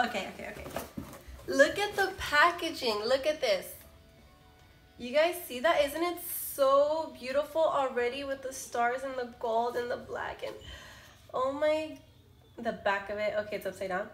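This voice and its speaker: A young woman vlogger, a bit sick, gushing excitedly to viewers as she unboxes a gift at home on her camera mic. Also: sits high, normal speed. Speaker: beauty vlogger. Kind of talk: unboxing first impressions. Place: room at home with a window. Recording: echoey room, faint background music.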